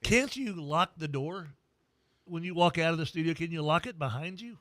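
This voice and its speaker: Bright-voiced teasing radio host man. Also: fairly high pitch, lively intonation, moderate pace, no room sound. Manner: teasing, good-humored. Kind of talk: morning sports radio banter.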